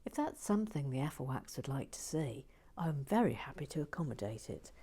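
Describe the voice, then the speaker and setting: A woman hosting a brick-building channel, reading out viewer messages in a playful, sassy, theatrical way with hushed asides. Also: rumbling low, big pitch swings, brisk, few pauses, slightly rough.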